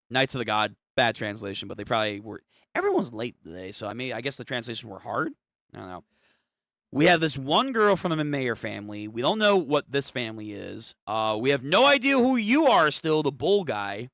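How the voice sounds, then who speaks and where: A young man streamer reacts live to a manga chapter, swearing casually as he goes. His voice is bright and swings up and down a lot. The sound is close and dry. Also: medium pitch, big pitch swings, a little fast, gravelly, dry recording. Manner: casual and profane, reacting out loud.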